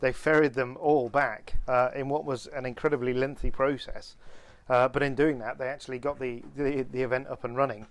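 A man casually telling an animated anecdote on a podcast, with many restarts. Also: medium pitch, brisk, few pauses. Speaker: podcast co-host. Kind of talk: casual storytelling chat.

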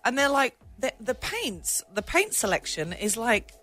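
Animated London woman telling stories. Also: fairly high pitch, measured pace, soft background music. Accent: London English. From England. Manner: animated storyteller, acts out quoted people. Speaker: guest. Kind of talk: casual chat.

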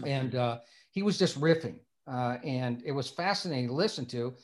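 A man's voice: medium pitch, lively intonation, moderate pace. Older man telling a rambling story. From Indiana, USA. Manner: meandering, repeats words as he restarts. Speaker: screenwriter guest. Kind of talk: storytelling anecdote in an interview.

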